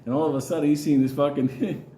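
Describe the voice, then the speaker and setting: A man's voice: a little high, fairly even intonation, fast talker, dark tone. A middle-aged man hosting his own channel, telling rambling, profanity-heavy personal stories and often laughing. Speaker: channel host. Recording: echoey room.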